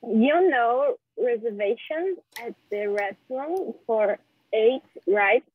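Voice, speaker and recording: A woman reading the part of a jealous young girlfriend, slowly and carefully, in a classroom role-play. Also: a little high, lively intonation, breathy edge, no room sound, narrow, tinny audio, heavily acted. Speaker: student reading a dialogue.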